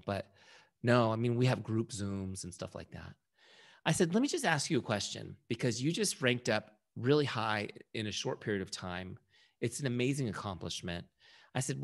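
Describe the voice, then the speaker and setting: A man with a fairly low, gravelly voice leads a casual training session. He talks in a relaxed, conversational way and acts out the lines he quotes.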